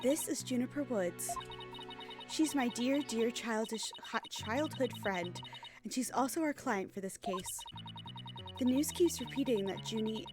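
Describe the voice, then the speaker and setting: A woman's voice: a little high, unhurried, music in the background, lightly acted. A woman voicing a determined, loyal young female lawyer, speaking earnestly and upbeat.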